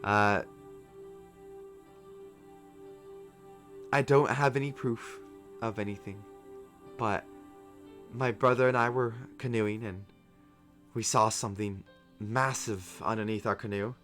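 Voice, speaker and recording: A man voicing a quiet, grieving woman. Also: fairly low pitch, faint music behind. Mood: somber. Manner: calm, quiet, slow.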